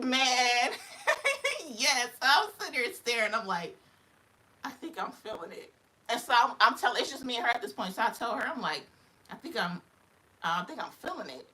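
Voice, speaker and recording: A woman's voice: fairly high pitch, pushed and bright. A young woman, casually telling a story on a livestream, laughing often and acting out other people's voices.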